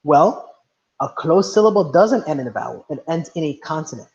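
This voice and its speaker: A man's voice: fairly high pitch, lively intonation, brisk, creaky. A male teacher leading a class lesson, patiently asking students questions and now and then slipping into Spanish. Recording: dull lo-fi audio.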